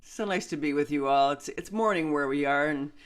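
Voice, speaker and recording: A woman guest singer-songwriter casually introducing a song over a video call, speaking haltingly with many pauses. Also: sits low. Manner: halting, with many fillers and restarts.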